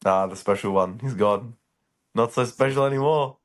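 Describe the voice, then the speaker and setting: A man from Australia co-hosting a casual podcast chat, animated and teasing, who fills his talk with "like". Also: mid-range voice, normal speed. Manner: animated, heavy on filler "like", teasing. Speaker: podcast co-host.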